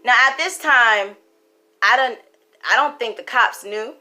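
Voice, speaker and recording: A woman's voice: fairly high pitch, measured pace, bright, forceful tone, faint music behind. A young woman who reads tarot, telling a personal story casually to camera, emphatic and repeating herself, swearing for emphasis. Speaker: tarot card reader.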